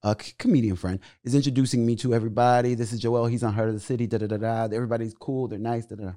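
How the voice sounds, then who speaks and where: Animated storytelling man. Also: rapid-fire. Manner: animated, swings loud and high when reenacting. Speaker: stand-up comedian, guest. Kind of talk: casual storytelling.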